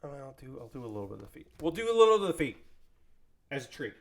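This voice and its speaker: Talking very fast at a medium pitch, a man builds a model kit while chatting casually with his live-stream audience. He rambles and jokes as he works, staying animated and speaking straight to chat.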